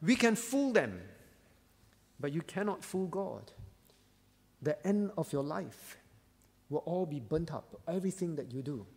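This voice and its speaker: A man's voice: fairly high pitch, very animated, a little slow, pauses often, a little mellow, long reverb tail. A male pastor preaching a sermon, emphatic and repeating key phrases for weight.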